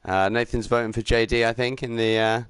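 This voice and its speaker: Guy commentating a sim race live on stream, chatty, lots of uhs, middle pitch. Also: steady tone, brisk, smooth, no room sound. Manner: greets chat viewers while commentating.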